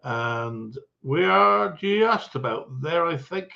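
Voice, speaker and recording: A man's voice: a little high, lively intonation, slow, gravelly, pushed and bright, lo-fi sound. Chatty man hosting a livestream. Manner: chatty, greets viewers one by one, chuckles often. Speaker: livestream host. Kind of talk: casual livestream chat.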